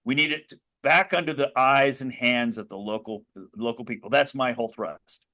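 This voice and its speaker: An American man talking as an interview guest at a mid pitch. He tells his story with earnest energy, stopping and restarting mid-sentence as he works up to a point. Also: normal speed, sharp tone. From United States. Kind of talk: conversational interview.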